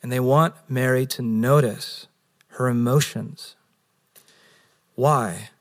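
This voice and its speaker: A pastor preaching a Sunday sermon, earnest, rising for emphasis and dropping low and slow on key words. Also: male voice. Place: San Diego.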